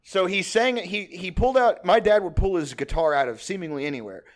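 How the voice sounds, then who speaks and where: Man from Texas, podcast host, high voice, casual storytelling, rambling, profane, laughs a lot. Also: fairly quick. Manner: rambling, profane, laughs often, many restarts.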